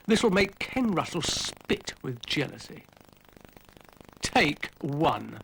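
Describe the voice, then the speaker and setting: A man putting on a pompous, put-upon male cartoon dog who talks grandly and sighs at everyone. The voice climbs high when he gets worked up and swings all over the place. The delivery is slow and weary. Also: big pitch swings, creaky, fairly bright tone, a little hiss or hum, full character voice, rough recording. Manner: grand, sighing, exasperated. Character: lofty, moody male dog, director. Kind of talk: storybook cartoon voice.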